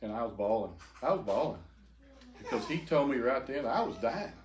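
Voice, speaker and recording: An older man telling an emotional personal testimony to a group, halting and repeating words as he goes. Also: medium pitch, lively intonation. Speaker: speaker giving a testimony. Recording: echoey room, faint noise.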